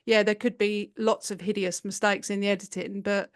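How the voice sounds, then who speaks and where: A woman's voice: mid-range voice, flat delivery, normal speed, dry recording. Woman co-hosting a podcast, chatty, laughs a lot, dry close sound. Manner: chatty, laughs often, acts out quoted voices. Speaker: podcast co-host. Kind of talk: casual chat.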